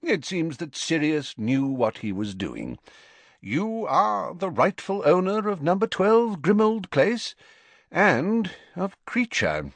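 Wise old headmaster, polite and a bit wry, voice pitched up some, guy doing it. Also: sing-song, no room sound, exaggerated voice. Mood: calm. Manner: measured, formal, lightly amused. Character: elderly male headmaster, calm, courteous and wry.

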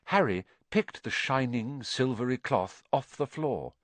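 A man narrating a storybook aloud, expressive and measured. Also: medium pitch, no room sound. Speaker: audiobook narrator.

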